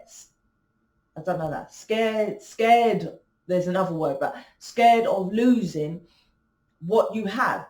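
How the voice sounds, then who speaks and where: Lady rambling on about spiritual stuff, lots of ums and restarts, roomy echo. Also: medium pitch. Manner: rambling, chatty, with many restarts and fillers. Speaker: spiritual channel host. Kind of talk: casual spiritual talk to camera.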